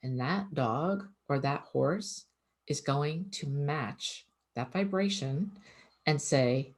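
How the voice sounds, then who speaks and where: A woman's voice: low-pitched, lively intonation, slow. A woman, an animal communicator, giving casual advice in an earnest, conversational way that often repeats itself.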